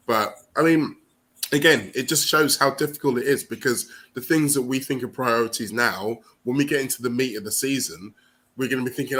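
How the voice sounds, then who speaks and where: A man on a football podcast panel, talking through transfer news in a measured, analytical way. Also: medium pitch, fairly bright tone. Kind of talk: casual football chat.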